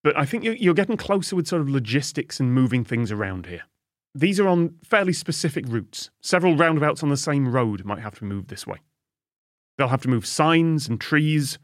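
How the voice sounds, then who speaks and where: A man's voice: mid-range voice, big pitch swings, a little fast, no echo, clean studio sound. A man hosting a podcast guessing game, giving clues in a playful, teasing way. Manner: playful, teasing clue-giver. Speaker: quiz host. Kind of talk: casual podcast quiz chat.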